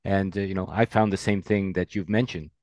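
A man's voice: low voice, fairly even intonation, brisk, darkish tone, dry recording. A man hosting a podcast conversation, agreeable and musing. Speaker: podcast host.

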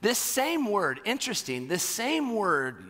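A middle-aged man preaching a sermon as pastor, animated and repeating words for emphasis. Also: sits high, unhurried. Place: church sanctuary. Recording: long hall reverb.

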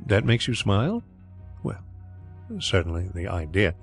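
Guy reading a touchy brisk ex-lawyer, low gravelly voice, blunt and proud. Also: lively intonation, faint music behind. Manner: brisk, blunt, quick to bristle. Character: brisk proud ex-solicitor, man, middle-aged, touchy.

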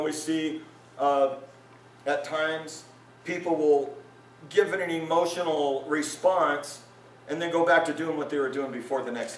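A male pastor preaching a lively sermon at a men's retreat, his voice climbing when he acts out the crowd. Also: a little hiss or hum. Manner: animated, voice rises high when acting out listeners. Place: conference hall at a retreat. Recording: roomy hall sound, mic from a distance.

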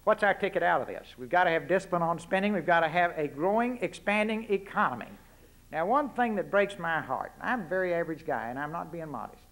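A man's voice: fairly high pitch, lively intonation, brisk, fairly bright tone. A man with a Texas accent speaking before an audience at a forum, giving a folksy political speech full of punchy rhetorical questions and asides. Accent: Texan. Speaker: guest speaker.

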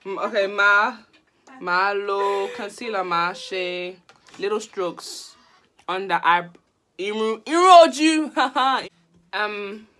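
A woman's voice: medium pitch, takes it slowly, a bit bright. Giggly young woman vlogging. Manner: giggly, mixes Yoruba and English. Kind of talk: casual makeup tutorial vlog.

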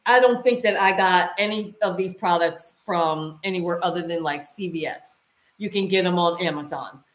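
A woman with a lowish voice at normal speed casually walks viewers through a hands-on task, chatting as she works. This lifestyle vlogger's recording carries a roomy echo.

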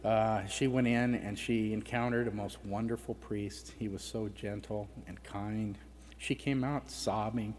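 A man's voice: fairly low pitch, fairly even intonation, a little slow, a little mellow. Middle-aged man telling a story in a reverberant hall. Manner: conversational, acts out family dialogue. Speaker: conference speaker. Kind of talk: personal testimony storytelling. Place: conference hall. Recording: reverberant hall with faint background noise.

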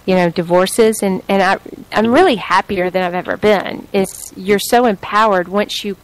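A middle-aged woman hosting a radio talk show with a playful put-on Southern accent. She talks in a chatty, rambling way, piling thought on thought and laughing easily. Her voice sits at an ordinary pitch for a woman. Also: normal speed, rough recording. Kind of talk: casual radio chat.

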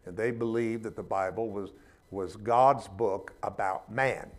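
A man's voice: on the low side, fairly even intonation, unhurried. A man teaching a spiritual class in an informal sermon style, talking in a conversational, emphatic way with humorous asides.

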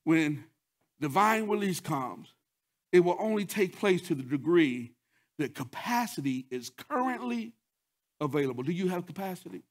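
A male pastor preaching a sermon, repeating phrases, breaking into sung lines and shouts, talking straight to the congregation. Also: high voice, lively intonation, moderate pace. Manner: repeats words, call-and-response asides.

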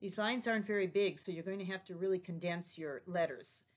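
A woman's voice: fairly low pitch, brisk. A woman teacher giving a recorded lesson to young children, patient and encouraging, explaining each step. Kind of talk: recorded remote class lesson.

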